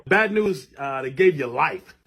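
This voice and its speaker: A man's voice: fairly high pitch, lively intonation, a little slow, muffled recording, very noisy. A man playing a smug lawyer in a comedy skit who breaks bad news in a mocking, offhand way.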